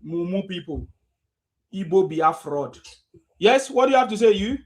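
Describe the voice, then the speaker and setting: A Nigerian man hosting a heated call-in show, shouting insults and laughing mockingly at callers. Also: high voice, expressive, moderate pace. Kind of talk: combative live call-in chat.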